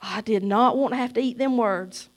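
Church lady giving her testimony, high voice, preachy, gets loud then quiet. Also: moderate pace. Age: middle-aged. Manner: emphatic, preachy, swings between loud cries and soft asides.

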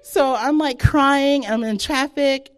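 A woman sharing a personal faith testimony in casual spoken storytelling, animated and full of "like", acting out her own past thoughts. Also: high-pitched, unhurried.

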